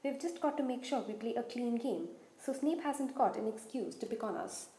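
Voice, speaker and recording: A woman voicing a stern teenage boy captain who scolds his team loudly. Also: fairly high pitch, lively intonation, moderate pace, reverberant. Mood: defensive. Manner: loud, scolding.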